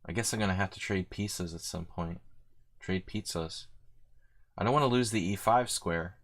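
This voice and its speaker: A deep-voiced man talks fairly quickly while streaming his own blitz chess games. He thinks out loud in loose, rambling commentary packed with "like."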